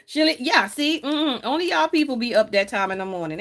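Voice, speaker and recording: Chatty, teasing woman planner vlogger. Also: moderate pace. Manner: chatty, teasing, laughs often, lively swings in pitch. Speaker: planner vlogger reading live chat. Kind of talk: casual live chat while planning.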